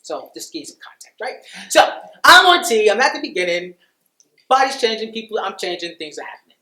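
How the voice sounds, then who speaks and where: Bright-voiced man telling a personal story. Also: high-pitched, very animated, fairly quick, reverberant. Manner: conversational, laughs often, many "you know"s. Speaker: speaker at a dinner talk.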